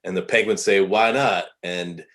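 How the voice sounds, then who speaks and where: A man improvising a joke with a dry, steady delivery. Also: deep voice, normal speed. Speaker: improv performer.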